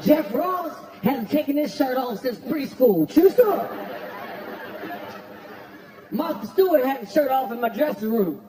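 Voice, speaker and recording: A man doing a stand-up roast, brash and profane, shouting his punchlines. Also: very high-pitched, expressive, normal speed, hardly any pauses. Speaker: comedian at a roast. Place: stage before a live audience. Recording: roomy venue with crowd laughter.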